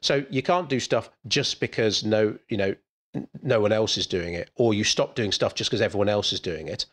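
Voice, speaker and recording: A man's voice: lowish voice, moderate pace. A man co-hosting a podcast, talking bluntly with jokes and swearing. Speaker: podcast co-host. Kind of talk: casual podcast chat.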